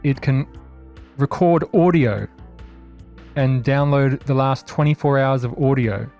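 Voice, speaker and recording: A man's voice: mid-range voice, a little slow, a little mellow, soft background music. A man narrating a tabletop horror game as game master, casual and descriptive.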